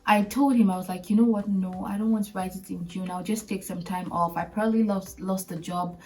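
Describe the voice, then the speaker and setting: A woman's voice: mid-range voice, fairly quick. A young woman hosting a podcast, animatedly telling a personal story and acting out the people in it. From Canada. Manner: animated, acts out quoted voices, laughs often. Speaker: podcast host. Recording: voice a bit far from the mic, faint music behind.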